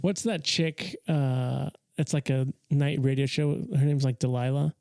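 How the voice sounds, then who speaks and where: A man co-hosting a casual podcast, relaxed and joking, often trailing off into fillers. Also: mid-range voice, measured pace, creaky, no room sound, studio quality. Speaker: podcast co-host. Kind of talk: casual chat.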